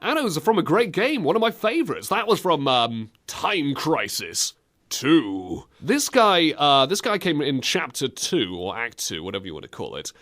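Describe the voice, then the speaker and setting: Male podcast host, playful and jokey, animated delivery. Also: fairly high pitch, normal speed. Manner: jokey, puts on silly voices and accents. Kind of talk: casual comedic game chat.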